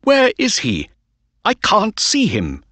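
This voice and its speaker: A man voicing an excitable racehorse owner in a storybook reading, crying out loudly as his horse runs. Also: mid-range voice, drawn-out words, no echo, pitched above the performer's own voice, exaggerated voice. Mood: anxious. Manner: loud, excited cries. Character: excitable male racehorse owner, cold then thrilled.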